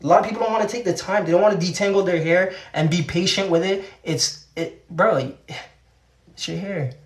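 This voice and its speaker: A young Canadian man with a slightly fast, high voice chats casually during a hair tutorial livestream. He's laid-back and slangy, repeating his words, and the room sounds echoey.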